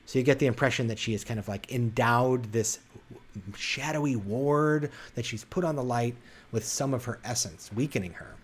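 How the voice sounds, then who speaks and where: A man's voice: medium pitch, moderate pace, husky. A man narrating a tabletop role-playing game as game master, describing scenes with frequent fillers and restarts.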